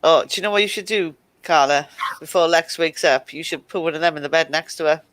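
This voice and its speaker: A woman's voice: low-pitched, fairly quick, fairly bright tone, slight background noise. A woman, chatting casually on a live stream and laughing easily.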